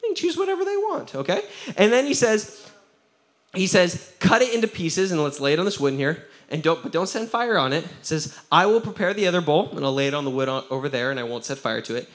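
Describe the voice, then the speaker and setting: Animated pastor preaching a sermon. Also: male voice, fairly high pitch, fairly quick. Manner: animated, laughs often, acts out quotes. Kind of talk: lively sermon with storytelling.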